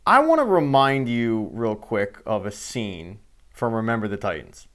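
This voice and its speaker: A man's voice: lowish voice, sing-song, measured pace, fairly bright tone. Heated, sarcastic sports show host man. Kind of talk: sports commentary rant.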